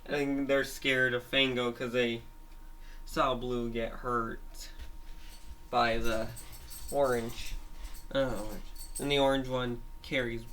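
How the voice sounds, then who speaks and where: A man's voice: medium pitch, level tone, slow, long pauses, sharp tone, a little hiss or hum. A man retelling a made-up story in a rambling, hesitant way, with many restarts.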